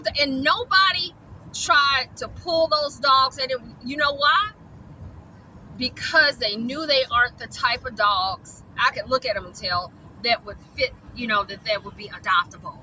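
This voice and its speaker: A woman from rants straight to camera, blunt and profane. Her voice is sharp and very bright, pitched a little high. Faint street noise hums behind her. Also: unhurried, rough recording. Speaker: dog rescuer. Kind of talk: angry ranting vlog.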